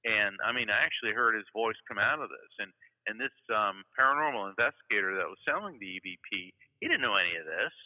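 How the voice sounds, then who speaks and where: A man's voice: fairly low pitch, animated, fast. A man from Florida, a psychic medium, telling stories in a casual interview, rambling with many fillers and restarts. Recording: tinny phone-like line with long reverb.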